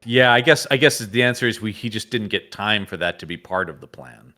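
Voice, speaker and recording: A man's voice: lowish voice, fairly quick. A man co-hosting a podcast, chatting casually about a comic and laughing often. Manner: animated, laughs often, frequent restarts. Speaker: podcast co-host. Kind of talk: casual comic book discussion.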